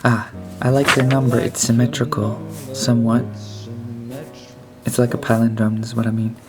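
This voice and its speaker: A man's voice: mid-range voice, level tone, moderate pace. Rambling self-mocking man over guitar. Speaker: songwriter. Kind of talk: casual commentary reading old lyrics aloud. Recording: guitar music playing underneath. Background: guitar music.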